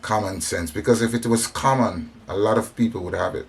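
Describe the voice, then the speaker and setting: With a fairly low, gravelly voice that carries a breathy edge, this man talks briskly. He is of African descent, a speaker on religion and society, and he's giving a fervent sermon-style monologue about compassion, repeating himself for emphasis and restarting lines.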